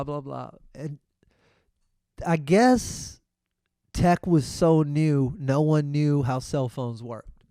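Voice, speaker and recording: A middle-aged man, hosting his podcast and telling a story in a casual, profane, animated way. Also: a little high, no room sound, studio quality. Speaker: podcast host.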